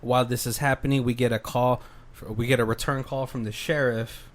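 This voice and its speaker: A man's voice: medium pitch, level tone, fairly quick. A man co-hosting a podcast, casually recapping a horror film and acting out the characters' lines. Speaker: podcast co-host.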